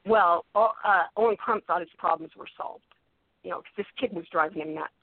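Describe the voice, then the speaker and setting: A woman telling a story as a guest on talk radio, lively and acting out the people she quotes. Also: lowish voice, brisk, no room sound. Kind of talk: animated anecdote on talk radio. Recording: tinny phone line, dry.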